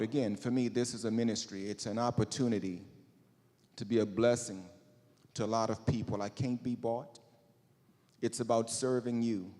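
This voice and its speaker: A man's voice: mid-range voice, mellow. A man giving a sincere, preacherly closing statement as a candidate, quoting scripture. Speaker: candidate for parish president. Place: school auditorium. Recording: reverberant auditorium with long echo.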